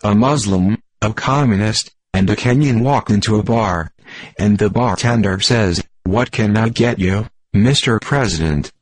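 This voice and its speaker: A synthetic male text-to-speech voice playing a stiff, deadpan sports computer that reads jokes in stilted, formal phrasing for a radio comedy bit. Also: lowish voice, a little slow, dry recording.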